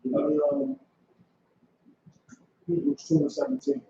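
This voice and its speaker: A man with an unusually high, gravelly voice preaches to a class in a commanding tone, hammering short demands over and over. His delivery swings up and down in pitch. He sounds far from the mic in a very echoey room, on a dull lo-fi recording. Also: sing-song, a little slow, mellow, slight background noise. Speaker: school leader teaching a class.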